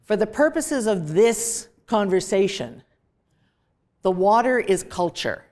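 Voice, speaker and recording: A woman's voice: mid-range voice, lively intonation, takes it slowly, darkish tone. A woman professor giving a direct, emphatic recorded lecture to students. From Canada. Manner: direct, emphatic, dismissive of clichés.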